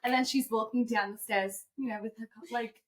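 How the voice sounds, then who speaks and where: A woman co-hosting a podcast in casual chat, giggly, animated and swearing freely. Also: fairly high pitch, fairly quick. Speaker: podcast co-host.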